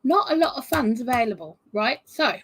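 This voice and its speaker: A woman's voice: fairly high pitch, expressive, moderate pace, husky, poor audio. A woman hosting a live stream about self-reliance, chatting casually with her viewers and warning that her speech may stutter today. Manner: chatty, greets viewers warmly by name. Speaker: host of a self-reliance channel.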